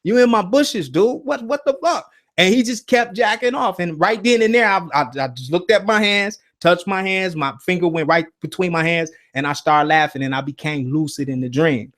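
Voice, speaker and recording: A man hosting a casual spiritual talk, telling stories in an animated way and often checking in with "right?" and "you see?". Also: fairly high pitch, moderate pace, hardly any pauses. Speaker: host.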